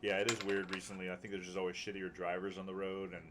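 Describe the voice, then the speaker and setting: A man's voice: deep voice, completely flat delivery, fast talker. A man hosting a casual chat, laid-back and swearing now and then. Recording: faint background noise.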